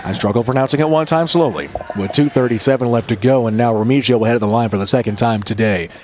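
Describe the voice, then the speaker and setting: A man doing play-by-play commentary for a high school basketball game, trading light jokes with his partner between calls. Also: slight background noise. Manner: jokey, quick banter between calls. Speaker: play-by-play announcer. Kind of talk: sports commentary.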